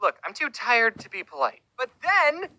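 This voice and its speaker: A woman's voice: a little high, wildly swooping pitch, normal speed, sharp tone, dry recording, low-quality recording. A woman telling a comic personal story with a dry, sarcastic delivery.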